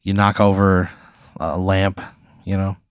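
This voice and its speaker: Deadpan man narrating an improvised story. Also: low-pitched, a little slow, clean tone, no echo, clean studio sound. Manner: deadpan, rambling second-person narration.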